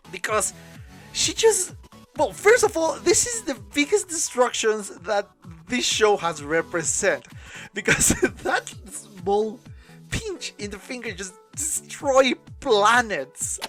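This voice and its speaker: A woman with a slightly high voice hosts an anime reaction, talking casually in non-native English and often breaking into laughter.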